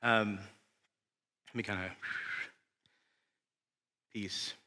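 Young west texan guy preaching, chatty sermon w/ asides, really bright voice, big churchy echo. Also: lowish voice, fairly even intonation, extremely slow, a little hiss or hum. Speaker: pastor. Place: church sanctuary. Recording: long reverb of a church hall.

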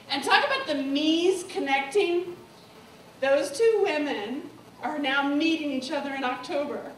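Woman, stage speaker, blunt and emotional, high voice, echoey far-off room sound. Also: a little slow. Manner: candid, swearing, swings from solemn to giddy. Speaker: guest speaker. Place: comedy club stage. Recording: echoey room, distant mic, faint noise.

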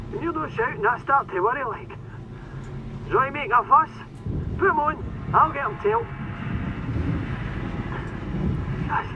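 An actor playing a rig worker talking over the radio, urgent and consoling, swearing bluntly. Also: male voice, very high voice, muffled recording, background noise, exaggerated voice. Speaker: game character. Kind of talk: video game voice acting.

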